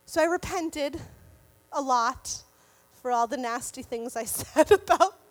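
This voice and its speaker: A woman sharing a personal faith testimony in casual storytelling, animated and often laughing. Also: high voice, unhurried. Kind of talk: casual Christian storytelling to viewers.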